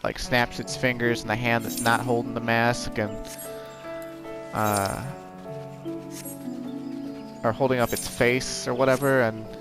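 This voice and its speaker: A man's voice: medium pitch, little pitch movement, measured pace, long pauses. Rambling man over game music. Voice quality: rambling, with many "like" fillers and restarts. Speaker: let's play host. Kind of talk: casual gameplay commentary.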